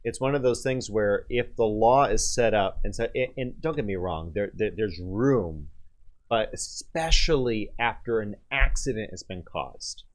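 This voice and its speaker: A man hosting a radio talk show, giving his opinions in a hesitant way with many pauses and restarts. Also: on the low side, lively intonation. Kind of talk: casual talk radio discussion. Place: radio studio.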